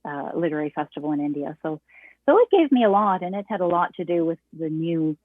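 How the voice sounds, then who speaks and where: An older woman with a fairly low voice talks in a relaxed, rambling way, often restarting her sentences. She comes through a thin phone-like line. The sound is dry, with no room around it. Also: quick pace, no echo. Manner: rambling, many restarts and laughs, reflective. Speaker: guest songwriter and author. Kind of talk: casual interview chat.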